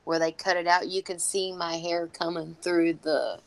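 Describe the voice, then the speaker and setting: A woman's voice: fairly low pitch, fairly even intonation, moderate pace, no room sound. A woman in casual chat who rambles and talks to herself while looking for something on her phone.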